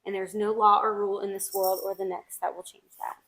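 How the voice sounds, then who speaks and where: A woman's voice: mid-range voice, little pitch movement, a bit bright. A woman co-hosting a book club podcast, enthusiastically retelling favorite scenes and reading quotes. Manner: enthusiastic, drawn-out storytelling. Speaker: podcast co-host. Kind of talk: casual book club chat.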